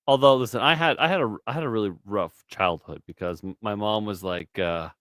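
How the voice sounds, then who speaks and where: Smooth-voiced man chatting crudely. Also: fairly low pitch, a little fast, a bit bright, dry recording, studio quality. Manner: rambling, crude, swears freely. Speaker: stream host. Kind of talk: casual chat.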